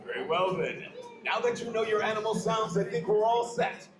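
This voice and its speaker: A man hosting a live theme park pre-show, theatrical and upbeat as he warms up the crowd. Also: high voice, animated, normal speed, echoey room, over music. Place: outdoor theme park stage.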